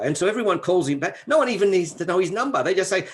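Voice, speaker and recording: A man's voice: high-pitched, expressive, quick pace, few pauses. Chatty man making his case. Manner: persuasive, thinking aloud with many "you know"s. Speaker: podcast co-host. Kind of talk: casual chat. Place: Colorado.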